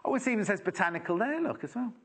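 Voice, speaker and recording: A man's voice: sits high, expressive, racing, fairly bright tone, breathy edge. A British man presenting live on a TV shopping channel, chatty and enthusiastic with rambling asides.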